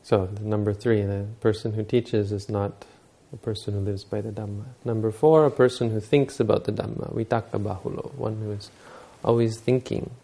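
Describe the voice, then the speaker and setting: A man's voice: fairly low pitch, steady tone, normal speed, creaky, few pauses, warm tone. A man giving a Buddhist dharma talk, telling stories and explaining teachings unhurriedly, using Pali terms.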